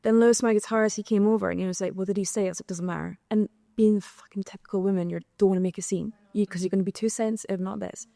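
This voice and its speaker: Scottish young woman, dry mellow voice. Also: mid-range voice, rapid-fire, gravelly, hardly any pauses, no room sound. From Scotland. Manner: animated storytelling, acting out quoted exchanges. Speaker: singer and guest. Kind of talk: candid panel conversation. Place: live podcast recording in an arts venue.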